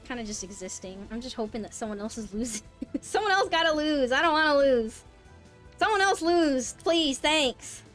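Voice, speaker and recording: High-voiced woman streamer, swearing often. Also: lively intonation, moderate pace, fairly bright tone. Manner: swings from mumbled muttering to high yelps of disbelief, swears often. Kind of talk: casual live-stream chat while gaming. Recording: faint music behind. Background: faint background music.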